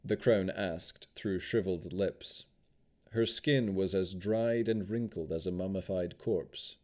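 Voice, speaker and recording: A man narrating a fantasy audiobook with expressive storytelling. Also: sits low, slow pace.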